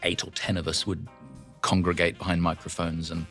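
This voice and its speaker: A man, a voice actor interviewed as a guest, telling lively stories with laughs and quick character voices. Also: low voice, soft background music. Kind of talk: animated interview anecdotes.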